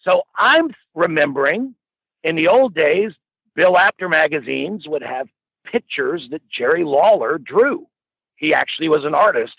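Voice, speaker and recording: A man's voice: mid-range voice, gravelly, a bit bright, husky, no echo. A middle-aged man telling a rambling, profane anecdote in a casual way, often laughing as he goes. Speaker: storyteller guest. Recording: dull lo-fi dry recording.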